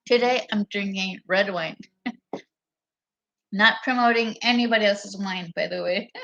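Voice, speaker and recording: A woman's voice: mid-range voice, slow pace, vocal fry, fairly bright tone, muffled recording. A woman vlogger talking to her camera in a meandering, profane monologue that often loses its thread. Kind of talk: rambling casual monologue to camera. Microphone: camera mic.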